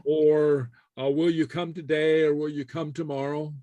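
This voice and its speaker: A man teaching an online Gaelic class in a relaxed way, with many fillers and chuckles as he talks. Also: a little high, moderate pace, no echo, lo-fi sound.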